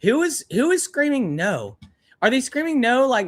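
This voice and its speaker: A man's voice: high voice, sing-song, normal speed. A young man hosting a live stream, ranting angrily and bluntly with plenty of swearing. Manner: angry, profane, blunt ranting.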